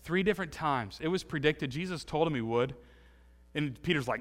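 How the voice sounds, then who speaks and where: A man preaching a sermon as pastor, acting out quoted voices and swinging from loud to hushed. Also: a little high, expressive, normal speed, in a large hall.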